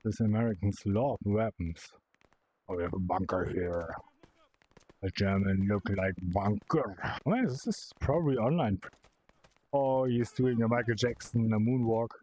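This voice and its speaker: A young man giving live commentary while playing a game, excitable and swearing as he yells at the bots. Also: on the low side, a little slow, rough recording. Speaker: VR gameplay creator.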